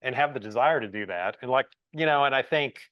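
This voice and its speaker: A man's voice: mid-range voice, expressive, brisk, no echo, highs cut off. A man hosting a podcast, talking casually and hesitantly as he searches for his words. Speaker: podcast host. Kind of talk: casual interview talk.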